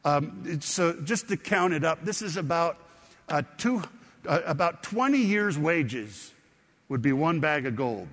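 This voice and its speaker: A man preaching with a fairly high voice, telling a scripture story and pausing to quiz his listeners. His words carry a long reverb, as if he stands in a large hall. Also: lively intonation, a bit bright. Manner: explanatory, conversational preaching with questions to the congregation. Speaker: pastor. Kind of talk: sermon.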